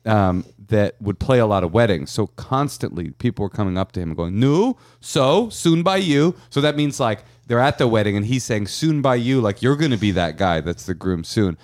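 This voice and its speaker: A male podcast co-host who tells stories with big swings in pitch. He jokes his way through advice. His voice sits close and dry, with no room sound. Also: a little fast, hardly any pauses, no echo. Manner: animated storyteller, joking. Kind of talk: casual comedic advice chat.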